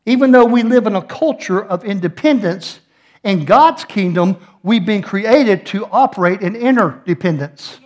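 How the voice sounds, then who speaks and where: High-voiced joking pastor. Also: male voice, lively intonation, normal speed. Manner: folksy, joking storyteller with playful asides. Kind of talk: sermon.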